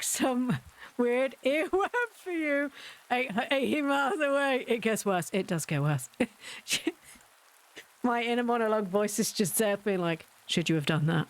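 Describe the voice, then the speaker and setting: A woman talks casually to her live chat, spinning stories about her home life. Her tone is chatty and self-mocking. Faint music sits under her voice. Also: medium pitch. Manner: chatty, self-deprecating, storytelling. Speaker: livestreamer.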